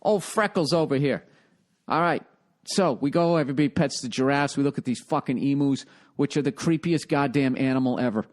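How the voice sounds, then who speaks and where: A man's voice: medium pitch, a little fast, darkish tone. A man in his forties from the United States, a comedian hosting his own podcast, telling a rambling story in a profane, exasperated way. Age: 40s.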